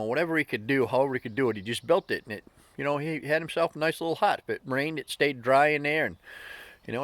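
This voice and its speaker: A man's voice: medium pitch, fairly bright tone, no echo. A man hosting a daily inspirational talk, telling a story in a casual, folksy way with lots of fillers. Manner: folksy and informal, with many fillers.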